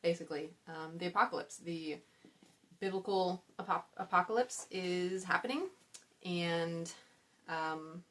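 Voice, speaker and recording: Chatty young woman, slightly low voice. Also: fairly bright tone. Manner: chatty, rambling with side stories and self-aware laughs. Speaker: book vlogger. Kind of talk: casual book-tag chat.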